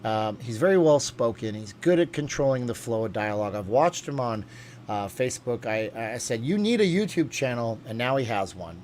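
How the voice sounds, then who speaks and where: A man talks casually into a desk mic, hosting a livestream from home and reading viewers' comments aloud. He rambles with plenty of ums and uhs at an ordinary middle pitch. A faint hum sits behind his voice. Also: expressive, moderate pace, darkish tone. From USA. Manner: rambling, reads comments aloud, many fillers. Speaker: livestream host reading chat.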